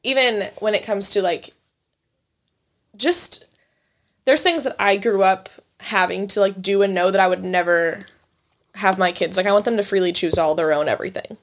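Young woman, co-host, lively anecdote teller, casual cursing. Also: medium pitch, moderate pace. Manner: animated storyteller, swears, acts out her family. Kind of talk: casual chat.

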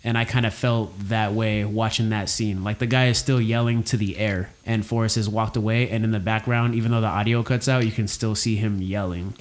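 A man's voice: fairly low pitch, fairly even intonation, brisk, few pauses. A man co-hosting a casual film discussion, talking in an opinionated, conversational way with frequent fillers and restarts. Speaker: podcast co-host discussing a film.

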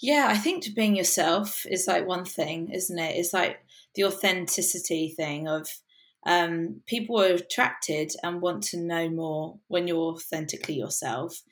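Woman, from the UK, worship musician, earnest casual chat, lower voice. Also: a little slow. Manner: earnest, casual, frequent fillers and laughs. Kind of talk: podcast interview conversation.

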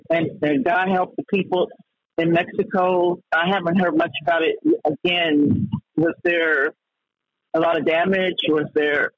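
Heated high-voiced man ranting on radio. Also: husky, dry recording. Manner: heated and ranting, with many stammered restarts. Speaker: radio talk show host. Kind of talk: opinionated radio talk. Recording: dull lo-fi radio broadcast.

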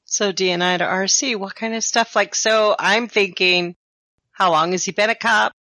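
Woman player, bright tone, dry close recording; chatty, in and out of character. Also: medium pitch, steady tone, normal speed, no echo. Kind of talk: tabletop role-play chat.

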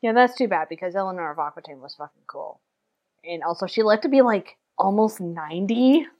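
Relaxed woman with wry asides. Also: mid-range voice, a little fast, muffled recording. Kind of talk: casual chat.

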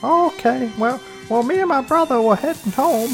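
A man putting on a cautious little boy, pitched well above his own voice. He sounds hesitant and a little worried. Faint music plays underneath. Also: normal speed, creaky. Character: nervous young boy, cautious.

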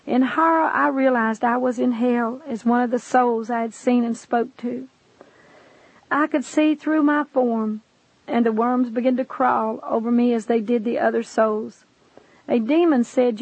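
A woman's voice: fairly high pitch, fairly even intonation, unhurried, dry recording. Impassioned woman reading her testimony. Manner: impassioned, addresses the listener directly. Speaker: narrator giving a testimony. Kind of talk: dramatic first-person testimony reading. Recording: dull lo-fi dry recording.

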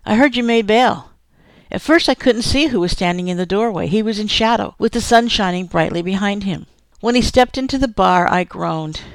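A woman giving a steady first-person audiobook narration, recorded close in a studio. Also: mid-range voice, brisk, smooth, no echo. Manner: steady storytelling.

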